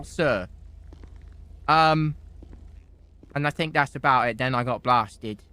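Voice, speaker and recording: A man with a bright, fairly high voice, in character as a defendant in a game role-play. He rambles through his testimony and bursts into shouts now and then. The sound is dry and close. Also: measured pace, long pauses, clear, resonant tone, no echo. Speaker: role-player as defendant in court.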